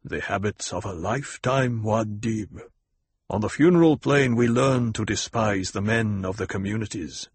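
A man voicing a grave desert tribal leader who speaks slowly and ruefully, in a husky voice. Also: lowish voice, no echo. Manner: slow, measured, rueful. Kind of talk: audiobook character voice.

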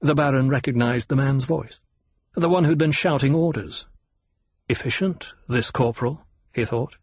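A man narrating an audiobook in a measured way, slowing on descriptions. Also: medium pitch, a little mellow, husky, no echo. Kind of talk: scripted narration.

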